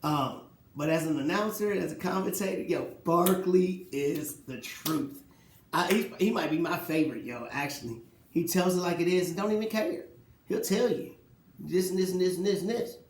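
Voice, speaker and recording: Animated man ranting about sports, echoey room. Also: sits high, normal speed, a little hiss or hum. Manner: animated, rhetorical questions, mocking quotes. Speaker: sports talk host. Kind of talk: casual solo sports commentary.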